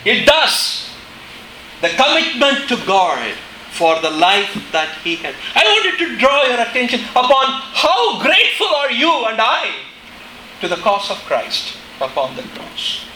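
A middle-aged man preaching a sermon in a chapel, impassioned, dropping to a hush and rising to shouts. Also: very high-pitched, very animated, measured pace, reverberant, slight background noise, rough recording. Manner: impassioned, swings between hushed and shouting.

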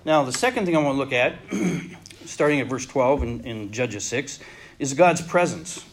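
A man's voice: mid-range voice, animated, noisy background. Earnest man preaching a sermon. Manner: earnest, with pauses and restarts, voice dropping soft for personal reflection.

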